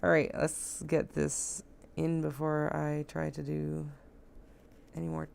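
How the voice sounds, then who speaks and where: A woman's voice: deep voice, monotone, slow, creaky, a little mellow, clean tone. A woman talking casually as she sews, joking and chatting to herself while she works in a home sewing room. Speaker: sewing vlogger.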